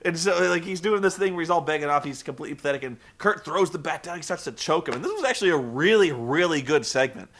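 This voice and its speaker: Man, comedy reviewer, sarcastic, swearing, high voice, bright tone. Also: quick pace, hardly any pauses. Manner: sarcastic, swearing, animated storytelling. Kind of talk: profane comedic recap.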